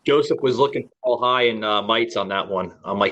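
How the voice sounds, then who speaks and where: A man's voice: fairly low pitch, a little fast, a bit bright. A man from the United States hosting a podcast in casual chat, rambling with many fillers and restarts. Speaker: podcast host. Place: Florida.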